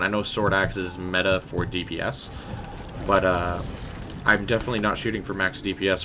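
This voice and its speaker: Deep-voiced man chatting through a game stream. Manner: chatty and rambling, talking to chat. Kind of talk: casual live gameplay commentary.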